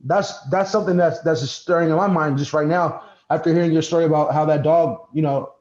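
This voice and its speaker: A man's voice: on the high side, fairly quick, darkish tone. A man in casual conversation, swearing freely as he thinks aloud. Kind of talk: casual chat. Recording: dull roomy sound.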